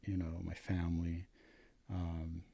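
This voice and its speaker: Slow, monotone and gravelly, a young American man's low, dark voice carries his story as a paramedic guest. He talks casually and profanely, leaning on filler words and saying "dude" and "like" over and over.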